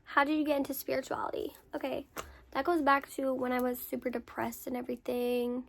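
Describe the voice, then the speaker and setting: A woman's voice: sits high, fairly quick, vocal fry. A young woman content creator telling a story in a casual Q&A, candid, swearing freely and repeating words for emphasis. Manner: lively storyteller with emphatic repetition. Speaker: content creator answering follower questions.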